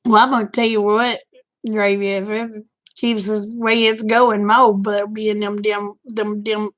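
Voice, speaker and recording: A woman's voice: medium pitch, flat delivery, moderate pace. An older woman, chatting casually and telling candid, folksy stories to her stream. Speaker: live-stream host. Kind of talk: casual chat storytelling.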